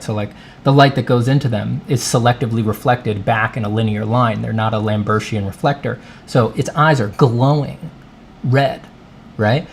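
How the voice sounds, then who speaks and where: A man telling a long, rambling, deadpan story in a soft ASMR voice while he draws, often wandering off into side remarks. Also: mid-range voice, vocal fry, a little hiss or hum. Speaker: artist and channel host.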